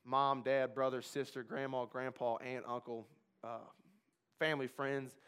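A man from Kentucky telling his recovery story as a personal testimony, emphatic and repetitive, swinging from hushed to loud. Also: medium pitch, little pitch movement, unhurried, smooth. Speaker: speaker sharing a recovery testimony.

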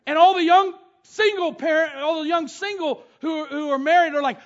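High-voiced man preaching a sermon. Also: a little fast, hardly any pauses, a bit bright. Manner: storytelling, reads scripture aloud and retells it. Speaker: pastor. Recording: dull lo-fi sound.

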